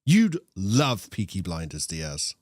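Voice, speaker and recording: A young man with a posh British accent co-hosts a casual esports chat, joking, rambling and drifting into tangents. His voice is deep and darkish, he speaks slowly with huge swings in pitch, and the recording is dry and studio quality.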